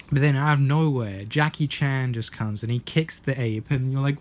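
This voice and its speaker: A man's voice: medium pitch, steady tone, moderate pace, darkish tone. A young British man rambling through a jokey, meandering monologue outdoors in a garden, swearing a lot and slipping into silly voices. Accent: British English. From Britain. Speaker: vlogger.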